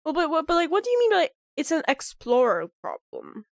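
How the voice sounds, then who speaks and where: A woman's voice: high-pitched, fairly quick, creaky, no echo, clean studio sound. A woman streaming a game in casual, rambling chat, sounding sick and nasal from a clogged nose. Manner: rambling, animated, heavy on "like" fillers.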